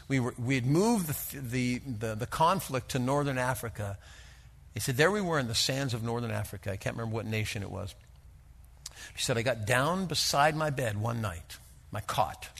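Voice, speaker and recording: Animated male preacher. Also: medium pitch. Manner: animated preaching that swings from hushed to emphatic. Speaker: pastor. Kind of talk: sermon with personal stories.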